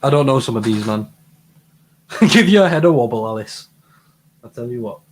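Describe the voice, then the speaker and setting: A man co-hosting a live advice stream talks eagerly at a moderate pace in an animated mid-range voice. Playful and enthusiastic, he keeps stumbling, repeating and restarting words in casual banter.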